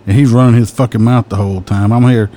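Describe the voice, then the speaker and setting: Blunt, cursing cop. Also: male voice, mid-range voice, fairly even intonation, fast, warm tone. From American South. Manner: blunt and profane, with an easy drawl. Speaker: police officer. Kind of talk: casual storytelling.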